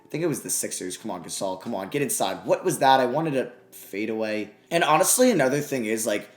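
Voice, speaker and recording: A young man commentating over his own video game, excitable, swinging between grumbling and yelling. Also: mid-range voice, a little fast, reverberant. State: out of breath. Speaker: gaming YouTuber.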